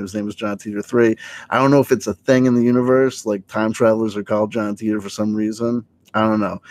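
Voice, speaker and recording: A man hosting a late-night livestream, talking in a rambling, hesitant way with many restarts and sudden lifts in voice. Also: lowish voice. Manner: rambling, hesitant, full of restarts, animated when quoting. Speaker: livestream host.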